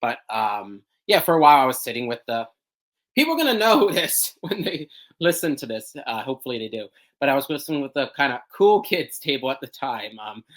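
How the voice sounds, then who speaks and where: A man's voice: mid-range voice, a bit bright, rough recording. Hesitant young man, searching for words. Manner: hesitant, many ums and restarts, searching for words. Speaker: podcast guest. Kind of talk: casual interview conversation.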